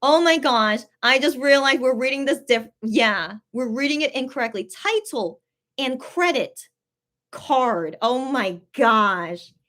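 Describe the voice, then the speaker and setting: A young woman chatting casually on a livestream, her voice sitting a little higher than most. She reacts to viewer comments with sudden loud bursts and then drops to soft, quick mutters. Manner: excitable, swings between loud outbursts and soft mutters. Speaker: livestream host reading viewer chat. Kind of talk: casual live-stream chat.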